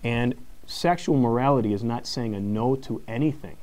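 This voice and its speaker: A man giving a live talk to an audience, a teacher telling a story with plenty of energy. He acts out the voices in his story and laughs often. His voice sits at an ordinary middle pitch. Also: normal speed, darkish tone. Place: live conference session.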